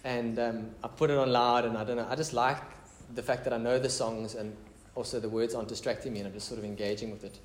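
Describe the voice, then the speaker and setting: A man's voice: medium pitch, fairly even intonation, fast, few pauses. Chatty male pastor in an echoey room. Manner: conversational, chatty asides. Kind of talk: casual sermon with prayer.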